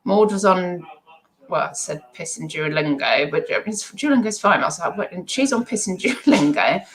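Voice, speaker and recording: A middle-aged woman rambles through a live stream, in a stream-of-consciousness way. Her voice sits a little low for a woman. She is self-deprecating and chatty. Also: animated, normal speed, low-quality recording. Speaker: eBay seller livestreaming.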